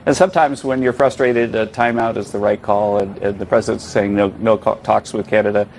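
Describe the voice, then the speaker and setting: Man, low voice, news interview guest, measured, hedging, faint noise. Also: steady tone, darkish tone.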